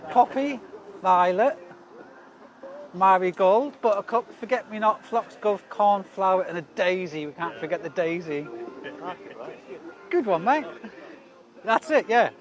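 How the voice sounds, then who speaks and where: A man's voice: high-pitched, lively intonation, measured pace, long pauses. A man vlogging outdoors by a river while cycling, joking and reading out viewers' comments in a chatty way. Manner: jokey, chatty, reads viewer comments aloud. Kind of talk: live-stream chat while cycling.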